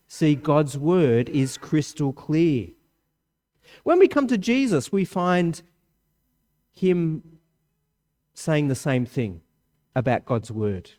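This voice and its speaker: A man, a parent of a young child, preaching a sermon with strong swings of pitch and volume for emphasis. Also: big pitch swings, slow, pauses often, warm tone.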